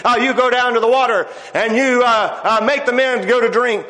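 A man preaching in a folksy, wry way, pausing on little "uh"s as he tells the story. His voice sits high for a man. It rings out through a big echoey hall with a long, trailing reverb. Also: fairly even intonation, pushed and bright. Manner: folksy storytelling with hesitant fillers and wry humor. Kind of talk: sermon.

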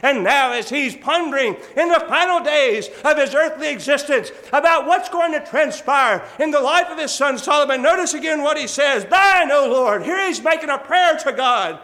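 High, bright-voiced male preacher. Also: expressive, normal speed, few pauses. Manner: earnest, rising to fervent emphasis; reads scripture aloud in old English. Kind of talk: sermon.

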